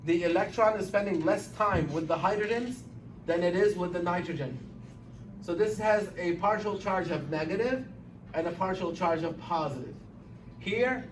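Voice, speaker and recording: Male chemistry teacher, high-pitched, emphatic lecturing, echoey classroom from a distance, faint room ambience. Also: background noise. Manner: animated, emphatic, repeats key points.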